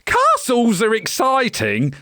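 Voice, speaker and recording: Woman doing a cheeky high-voiced witch. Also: huge pitch swings, slow, no echo, clean studio sound, full character voice. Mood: cheerful. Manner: bright, sing-song, sometimes whispering. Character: playful cheeky female witch with wand.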